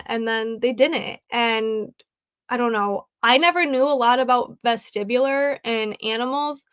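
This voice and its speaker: A woman's voice: a little high, steady tone, unhurried, a bit bright, clean tone. A young adult woman hosting a casual crafting livestream from home, chatty and tearful, laughing often and saying "like" a lot as she reads comments. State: tearful, grieving. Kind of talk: casual live chat, reading comments.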